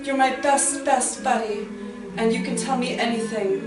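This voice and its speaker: A woman's voice: on the high side, fairly even intonation, normal speed, close to an everyday voice. A woman playing an earnest, devoted young male friend, coaxing and pleading with comic overstatement in a live stage comedy. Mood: tender. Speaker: opera singer and performer. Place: small theater, live stage. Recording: echoey theater from far off, loud music.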